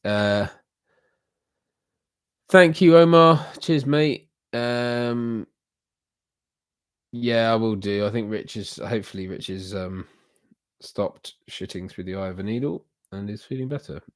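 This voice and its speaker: A man's voice: on the low side, slow, pauses often, clear, resonant tone, no echo, clean studio sound. A man hosting a casual livestream, chatting loosely with viewers in a rambling, self-deprecating way. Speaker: livestream host.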